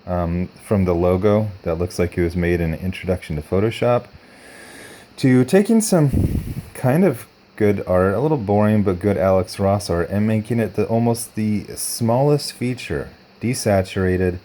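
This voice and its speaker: Quiet deep-voiced man, hushed sarcastic reviewer. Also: animated, moderate pace, slight background noise. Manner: hushed, sarcastic, blunt, frequent fillers. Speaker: comic book reviewer. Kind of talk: soft early-morning commentary.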